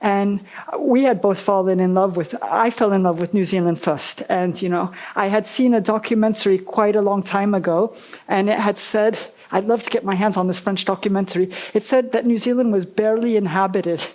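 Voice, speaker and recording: Woman, novelist, festival talk, chatty, quick laughs, acts out quotes. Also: medium pitch, fairly even intonation, a little mellow, poor audio. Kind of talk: live festival conversation.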